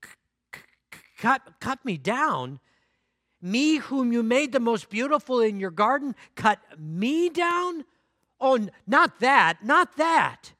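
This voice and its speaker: Casting: humble male bamboo plant, stammering pleas, high and bright, voiced by a man telling a sermon story. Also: slow, no room sound, studio quality. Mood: pleading. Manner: stammering, pleading in high cries.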